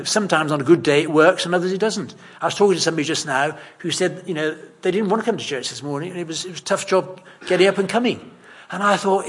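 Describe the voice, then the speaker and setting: Male preacher, conversational sermon, husky and fairly high-pitched. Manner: conversational, self-deprecating, emphatic.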